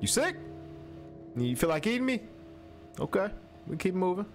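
A young man's high voice moves fairly quickly over faint background music as he streams a horror game. Animated, jumpy and slangy, he speaks directly to the game's character.

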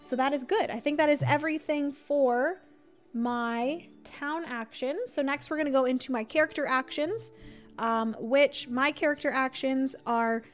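Young woman streaming a board game, high voice, rambly with lots of ums and likes, soft music under it. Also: unhurried. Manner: chatty, filler-heavy, reads and answers chat. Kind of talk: casual livestream chat.

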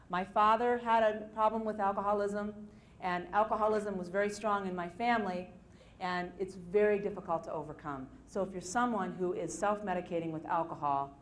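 A woman speaking to an audience at a self-help seminar, telling case stories in a lively, repetitive storytelling manner. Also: mid-range voice. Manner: storytelling, lively retelling with repeated phrases. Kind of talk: motivational talk to an audience.

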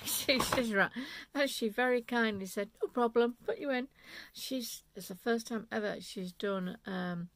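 With a fairly high, slightly bright voice, this woman excitedly displays her yarn in an unscripted knitting vlog. She rambles along, interrupting herself as she goes.

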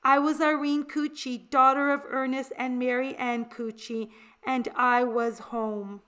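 A woman reading a children's picture book aloud in a deliberate, expressive way. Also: sits high, clean tone. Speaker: storybook reader.

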